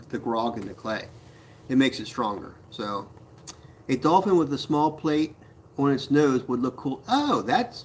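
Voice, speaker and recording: A man's voice: mid-range voice, slight background noise. A man chatting casually on a live stream from his pottery studio, reading viewer comments aloud, talking to viewers by name and laughing often.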